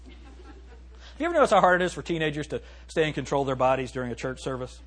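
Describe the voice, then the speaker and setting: A male pastor preaching in a church sanctuary, swinging from loud calls to hushed asides. His voice is husky and sits high for a man. When he reads scripture he slows to a weighty, emphatic cadence. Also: lively intonation. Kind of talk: sermon.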